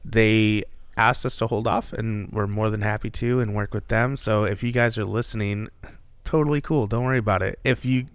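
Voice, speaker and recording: A man's voice: on the low side, fairly even intonation, moderate pace, clear, resonant tone, dry recording. A man co-hosting a podcast in casual chat, rambling and jokey with lots of fillers. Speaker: podcast co-host.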